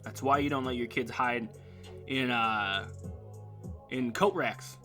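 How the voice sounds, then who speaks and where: A man in his thirties talks alone on his internet radio show, rambling from one joke to the next in a bright, forceful voice. His pitch sits in the middle for a man, and faint music plays behind him. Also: takes it slowly. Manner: rambling, jokey, reads sponsor ads in a hyped voice. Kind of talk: casual solo talk show.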